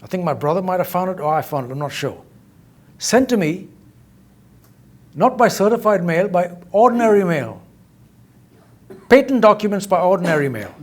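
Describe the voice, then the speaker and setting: A man's voice: a little high, a little mellow. A man making an emphatic, accusatory statement at a press conference, repeating his key phrases. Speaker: inventor speaking at a press conference.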